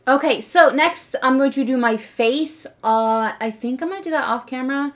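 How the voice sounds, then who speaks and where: A woman's voice: high voice, moderate pace, faint music behind. A young woman chatting casually through a makeup tutorial, rambling and saying "like" a lot. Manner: chatty, rambling, says "like" often. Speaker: beauty vlogger.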